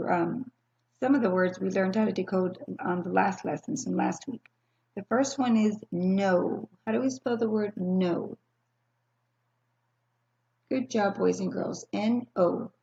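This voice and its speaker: A woman teacher leads young children through a recorded phonics lesson, speaking patiently and spelling out each sound. Her voice has a gravelly fry at mid pitch. It comes through a slightly dull, lo-fi computer microphone. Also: warm tone. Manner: patient, slow and clearly spelled-out teaching with pauses for answers. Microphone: screen-recording computer mic.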